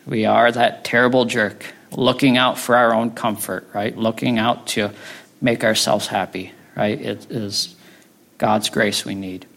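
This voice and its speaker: Guy preaching kind of chatty, gravelly voice, keeps saying right. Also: lowish voice, fairly even intonation, measured pace, a bit bright. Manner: conversational, tags lines with "right?". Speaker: pastor. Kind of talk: sermon.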